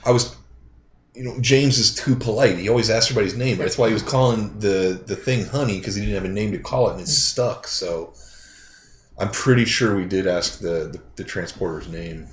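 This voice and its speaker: Deep-voiced man joking at the table. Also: brisk, a little hiss or hum. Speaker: player. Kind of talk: casual chat at a game table. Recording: echoey room with faint ambience.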